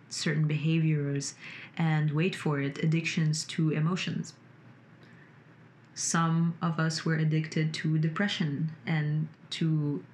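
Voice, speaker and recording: A vlogger with a low voice talks in a casual, rambling monologue about her emotions and personal growth, sitting in a room lit by her computer. She swears, says "like" often, and uses expressive rises; there's a little hiss or hum.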